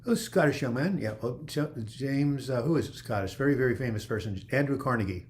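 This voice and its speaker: A man hosts a relaxed livestream Q&A, picking viewer comments off the screen and reading them out. He answers off the cuff in a voice of ordinary pitch, wandering a bit as he goes. A faint hum of room noise sits under him. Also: brisk. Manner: reads viewer comments aloud and answers them in a loose, chatty way; rambling, with frequent "you know" and restarts. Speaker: livestream host. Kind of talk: casual livestream Q&A.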